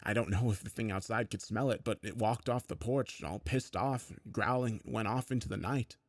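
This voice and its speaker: A man with a fairly low voice narrates a first-person horror story, steady and low-key. The sound is dry and close, with almost no room around it. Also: moderate pace, dry recording.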